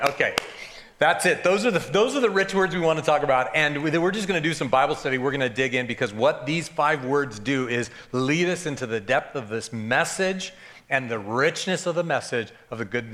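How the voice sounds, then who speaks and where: Joking, conversational pastor man, higher voice. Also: fairly bright tone. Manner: informal, joking, conversational teaching to a congregation. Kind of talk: sermon. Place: church service before a congregation.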